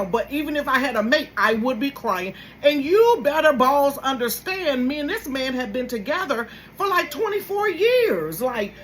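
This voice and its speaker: A woman's voice: sits high, slight background noise, poor audio. A woman, hosting a casual gossip commentary and talking straight to her viewers with sudden exclaimed bursts. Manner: animated, addresses viewers directly. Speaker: host.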